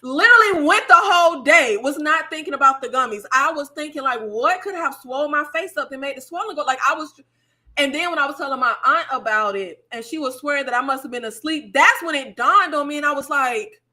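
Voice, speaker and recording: A woman hosting a casual chat with her viewers, telling stories in an animated way, laughing and swearing freely. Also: sits high, fairly quick. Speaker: YouTube host.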